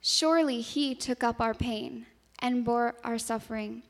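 A woman slowly reading scripture in a measured way, her voice softening on the quoted words. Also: a little high. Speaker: scripture reader. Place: church. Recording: long hall reverb.

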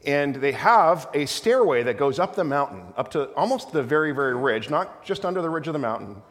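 A middle-aged man pastor telling a rambling, animated story in a sermon, with many restarts. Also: fairly high pitch, a little fast. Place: church sanctuary. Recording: long hall reverb.

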